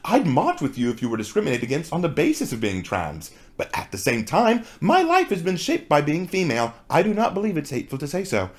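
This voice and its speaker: A man's voice: on the high side, huge pitch swings, brisk, few pauses. A man doing an imitation of a British woman with a put-on British accent, reading a statement earnestly. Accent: attempted British English. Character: British woman author reading her tweets aloud.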